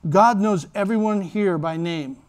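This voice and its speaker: Male pastor, high voice, lively sermon delivery with acted-out voices. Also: unhurried. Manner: animated storytelling, acts out voices. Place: church.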